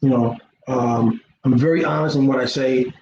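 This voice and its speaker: A man's voice: mid-range voice, fairly even intonation, normal speed, a little mellow. A middle-aged man in a casual, rambling vlog monologue, earnest and preachy, often repeating his words. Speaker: YouTuber. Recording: roomy, dull lo-fi sound with faint noise.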